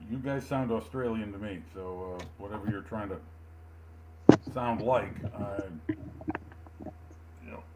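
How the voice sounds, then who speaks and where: A man joining a casual livestream, friendly and quick with a joke. His voice sits low, and steady background noise is clearly heard under it. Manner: friendly, joking.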